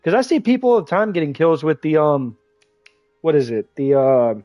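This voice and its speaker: A man with congested sinuses talks through a game on his livestream, excitable and teasing, quick to swear. His voice sits a little high, and it sounds close and dry, with faint music playing underneath. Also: no echo, muffled recording. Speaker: streamer. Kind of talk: casual gaming livestream commentary.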